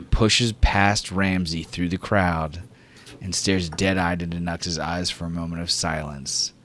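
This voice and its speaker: A man's voice: sits low, fairly bright tone. A man narrating a tabletop game as game master, casual and loose with fillers.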